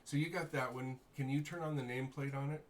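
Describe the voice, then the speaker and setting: An easygoing man runs a tabletop game as game master, his voice at an ordinary middle pitch. He talks players through the setup, often muttering half to himself. A faint hiss of noise sits under his voice. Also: steady tone, fast. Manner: easygoing, muttering to himself while fixing software. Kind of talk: running a tabletop game online.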